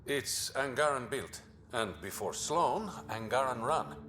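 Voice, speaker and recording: Cocksure smuggler. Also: male voice, medium pitch, animated, fairly bright tone, a little hiss or hum. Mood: measured. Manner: measured, sure of himself. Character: smooth-talking male smuggler who likes a bet.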